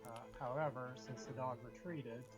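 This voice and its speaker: Deadpan male player, monotone delivery, music bed. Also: mid-range voice, moderate pace. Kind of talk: casual tabletop game chat.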